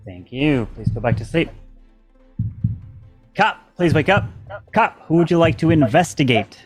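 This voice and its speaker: A man moderating a live party game, calling out rounds and votes in a slow, deliberate way. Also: fairly high pitch, breathy edge, no room sound, faint music behind. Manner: calm announcer pacing, slow deliberate calls.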